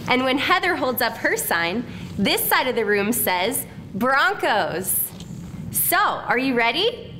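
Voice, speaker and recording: A woman's voice: high voice, very animated, bright, forceful tone, slight background noise. A woman presenter talking cheerfully with a mascot and leading students in a cheer at a school assembly. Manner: slow, cheerful, leads chants.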